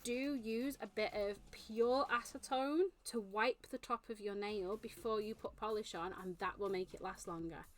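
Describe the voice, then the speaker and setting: A woman's voice: mid-range voice, steady tone, normal speed, few pauses. A British woman hosting a casual live stream, chatty, swearing and laughing often. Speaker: streamer host. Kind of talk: casual chat.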